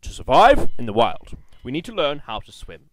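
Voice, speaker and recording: A man putting on the voice of a gruff military brigadier who barks orders at his men. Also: mid-range voice, sing-song, normal speed, a bit bright, no echo, faint music behind. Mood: commanding. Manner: commanding, barking.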